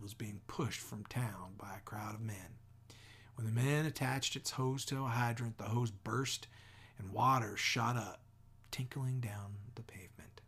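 Audiobook narrator, man, gravelly, husky, measured, half-whispered passages. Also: mid-range voice, a bit bright. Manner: measured reading, dropping often into near whispers. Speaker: audiobook reader.

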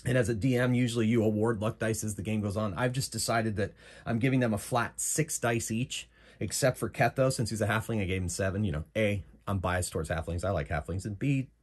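A man runs a solo tabletop game in a chatty, rambling way, full of fillers. His voice is deep and low-pitched, with a husky edge. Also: fairly even intonation, fairly quick. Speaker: game master.

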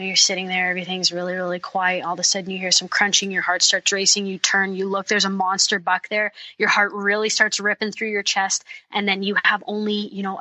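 A woman talks through her training routine on a podcast, practical and enthusiastic. Her voice is bright and forceful. The sound is dry and close to the mic. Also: medium pitch, no room sound, low-quality recording. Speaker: guest, bowhunter and fitness coach. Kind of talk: podcast interview, explaining tips.

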